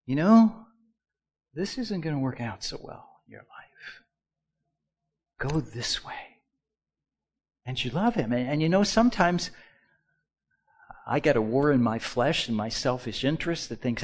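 A man preaching a sermon as pastor, moving between quiet, low musing and loud, slow, emphatic lines, and leading the congregation in call-and-response. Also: very animated.

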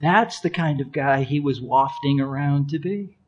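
A man preaching a sermon in an animated, playful way, swinging between loud exclamations and hushed asides. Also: a little high, normal speed, muffled recording. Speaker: pastor.

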